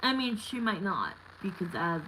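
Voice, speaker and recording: A woman's voice: mid-range voice, big pitch swings, normal speed, pushed and bright, slight background noise, rough recording. A woman in her thirties giving a live tarot reading, talking candidly and bluntly with lots of fillers. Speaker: tarot reader.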